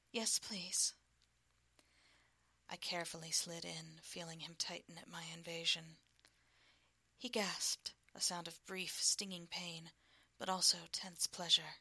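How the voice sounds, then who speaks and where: Whispered role-play, woman narrator, hushed and intimate, gravelly, flat and even delivery. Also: lowish voice, dry recording. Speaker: storyteller.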